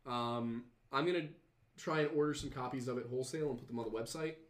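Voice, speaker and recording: A man's voice: medium pitch, fast talker. Guy hosting a podcast, reading comments, lots of ums and restarts, roomy echo. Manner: rambling, hesitant, lots of fillers and restarts. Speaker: podcast host. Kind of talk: casual chat, reading viewer comments.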